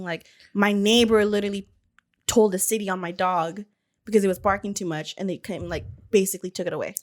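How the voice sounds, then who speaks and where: A young woman talking casually as a co-host, her voice sitting in an ordinary middle pitch. She rambles with plenty of fillers and restarts in a relaxed, conversational way. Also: a little fast. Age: young adult. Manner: chatty, lots of "like" and restarts. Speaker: podcast co-host. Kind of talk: casual chat.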